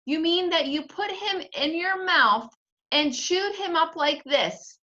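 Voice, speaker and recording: A woman's voice: extremely high pitch, lively intonation, slow pace, bright, forceful tone, lo-fi sound, pitched above the performer's own voice, exaggerated voice. A woman voicing a flustered mother who fusses and scolds her children. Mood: fussy.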